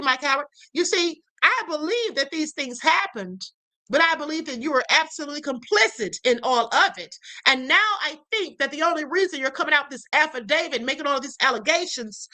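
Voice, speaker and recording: High, bright-voiced woman streaming commentary. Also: expressive, fairly quick, low-quality recording. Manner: emphatic, repeats "okay?" to the audience; indignant, addresses viewers directly. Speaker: live stream host.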